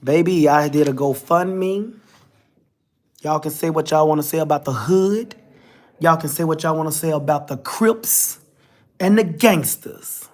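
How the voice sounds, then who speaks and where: A man's voice: fairly high pitch, unhurried. Candid man telling a personal story. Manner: candid, emotional, addresses viewers directly. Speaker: vlogger.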